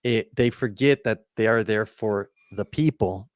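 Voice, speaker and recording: A man co-hosting a casual podcast, speaking earnestly and a little haltingly, with restarts. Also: on the low side, no echo. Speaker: podcast co-host. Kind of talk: casual chat.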